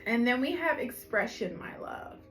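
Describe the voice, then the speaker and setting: A woman's voice: on the high side, normal speed, faint music behind, low-quality recording. A woman with a Philadelphia accent giving a collective tarot reading to camera, chatty and affectionate, calling viewers honey and checking in with "okay?". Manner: animated, emphatic, frequent "okay?" check-ins. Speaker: tarot reader.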